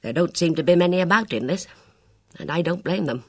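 A reader voicing a reserved, musing police chief inspector in an audiobook. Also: male voice, lively intonation, a little fast, a bit bright, no echo, studio quality. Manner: low-key, musing.

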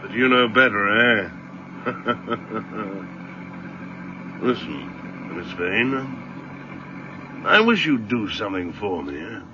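A man's voice: lowish voice, expressive, drawn-out words, long pauses, noisy background. An actor playing a jovial, pushy man in a radio drama, who keeps tacking "eh?" onto his lines. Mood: hearty, coaxing. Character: hearty middle-aged man, pushy and suggestive. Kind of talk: 1970s radio drama acting. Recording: dull lo-fi radio recording.

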